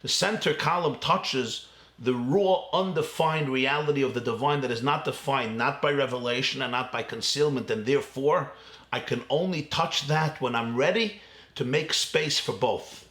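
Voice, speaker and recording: A rabbi giving a lively Torah lecture with an Ashkenazi Yeshivish accent, laughing often and acting out voices in dialogue. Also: male voice, mid-range voice, normal speed, echoey room. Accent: Yeshivish, Ashkenazi Hebrew pronunciation.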